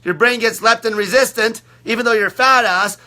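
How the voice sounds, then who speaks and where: A man coaching on fasting in a blunt, aggressive monologue full of constant swearing. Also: very high-pitched, sharp tone. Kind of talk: profane ranting monologue.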